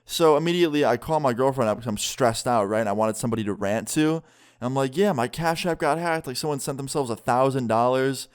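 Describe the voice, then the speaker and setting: A man's voice: mid-range voice, quick pace, smooth. A young man casually telling a personal story in a storytime vlog, full of "like" and quoted dialogue. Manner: casual, filler-heavy retelling with "like". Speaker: vlogger.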